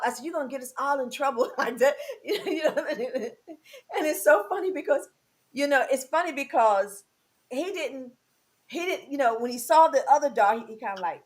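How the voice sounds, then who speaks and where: A woman hosting a casual chat, telling a story with lively acted-out dialogue. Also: high voice, brisk. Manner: animated storyteller, acts out dialogue. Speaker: host.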